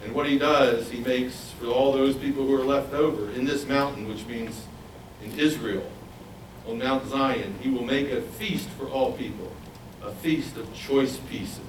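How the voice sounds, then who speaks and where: A man with a mid-range voice preaches unhurriedly, animated as he questions his listeners and voices other characters. Background noise is present, and the sound is roomy and distant with faint ambience.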